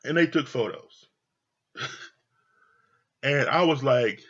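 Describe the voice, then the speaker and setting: A man's voice: medium pitch, takes it slowly, pauses often, a bit bright, muffled recording. A man giving a casual, blunt and profane recap of a reality TV episode, often breaking into laughter. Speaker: reality TV reviewer.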